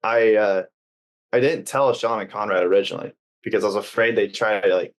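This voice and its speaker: A man's voice: fairly low pitch, fairly even intonation, a little fast. A young man being interviewed on a podcast, talking earnestly and casually, with many uses of 'like' and hesitant restarts. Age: young adult. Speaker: guest.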